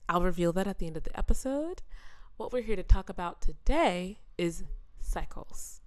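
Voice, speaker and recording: A young adult woman hosting a podcast, telling a story in an animated, chatty way and talking straight to her listeners. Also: fairly low pitch, moderate pace. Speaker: podcast host. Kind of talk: casual storytelling monologue.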